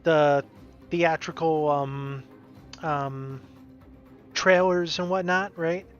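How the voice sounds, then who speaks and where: A man chats casually on a live stream, winding through a story with restarts and asides. His voice sits a touch high for a man. The audio is dull and lo-fi, with music playing softly behind him. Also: fairly even intonation, very slow. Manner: rambling, self-interrupting storyteller. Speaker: stream co-host. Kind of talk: casual chat.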